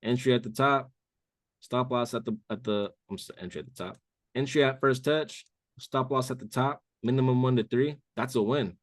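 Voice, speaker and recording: A man's voice: medium pitch, moderate pace, no room sound, clean studio sound. A man on a live call walking listeners through a trading chart, talking loosely and calling them "bro". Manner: casual, says "bro" a lot. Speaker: trading mentor.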